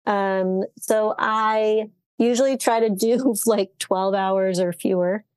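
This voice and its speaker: A woman co-hosting a book podcast, chatty and agreeable with quick asides. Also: medium pitch, fairly even intonation, darkish tone, clean tone, no room sound. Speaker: podcast co-host. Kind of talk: casual book chat.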